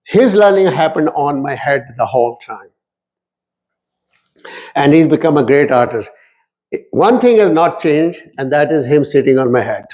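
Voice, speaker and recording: A middle-aged man with a slightly raised pitch delivers an animated talk. He tells stories in English with phrases woven in. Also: moderate pace, long pauses. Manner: lively, mixes Urdu phrases into English. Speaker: speaker at a community talk.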